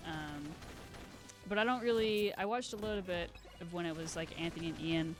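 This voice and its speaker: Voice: medium pitch, normal speed, music in the background. Rambling, giggly live streamer. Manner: rambling, self-deprecating, giggly asides. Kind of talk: casual gaming stream chat.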